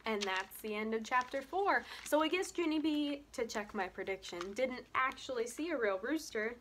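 A woman's voice: fairly high pitch, expressive, moderate pace, a bit bright, a little hiss or hum. A woman teacher reading a children's chapter book aloud and wrapping up the chapter. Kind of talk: storybook read-aloud.

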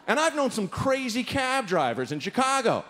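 Lively-pitched man telling a stand-up story. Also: moderate pace. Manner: animated, acts out characters with big voice jumps. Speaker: stand-up comedian. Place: live stage before an audience.

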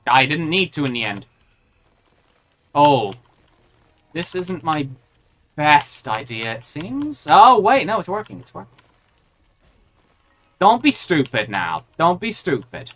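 Woman streaming a game, chatty n reactive, pitch jumps all over. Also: slow pace, long pauses. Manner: animated, reacts aloud and chats with viewers. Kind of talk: live gameplay commentary.

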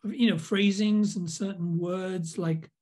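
A man's voice: sits high, steady tone, slow, darkish tone. An older man from England, a video producer telling rambling behind-the-scenes stories as an interview guest. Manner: rambling storyteller, many fillers and restarts. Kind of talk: casual anecdotal interview.

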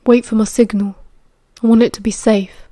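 A woman's voice: a little high, level tone, moderate pace, no room sound, studio quality, close to an everyday voice. Woman voicing a shaken young werewolf man. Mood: anxious. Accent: British. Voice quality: soft, shaky, hesitant.

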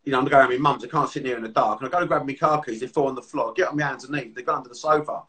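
Fast-talking man set back from the mic. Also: medium pitch, distant mic. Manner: rapid storytelling, swearing, animated. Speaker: podcast host and therapist. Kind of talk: casual podcast chat.

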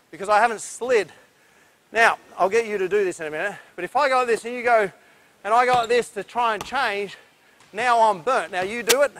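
A high-voiced Australian man runs a basketball clinic on an indoor court. He talks through defensive moves while demonstrating them and huffs from the effort. His delivery is energetic and instructive. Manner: energetic, instructive, breathless from drills. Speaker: basketball coach.

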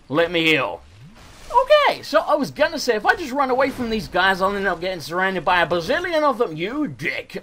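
Excitable English man, high lively voice. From England. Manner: excitable, swearing, self-mocking, frequent laughs. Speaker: let's play host. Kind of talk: gameplay commentary.

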